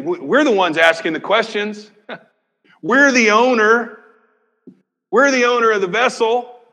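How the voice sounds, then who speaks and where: A male pastor preaching a sermon. He swings from loud emphasis down to near-whispers and acts out imagined dialogue with rhetorical questions. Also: high-pitched. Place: church sanctuary. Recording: long reverb of a church hall.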